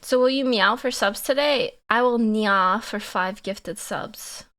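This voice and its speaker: A young woman streamer chatting casually with her viewers, giggly and animated, laughing often. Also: a little high, slow pace. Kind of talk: casual live-stream chat.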